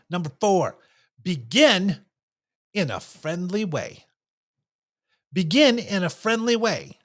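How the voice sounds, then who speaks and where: Guy with a pretty high voice talking about communication, super animated, acts out quotes. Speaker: communication speaker. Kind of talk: casual talk on communication.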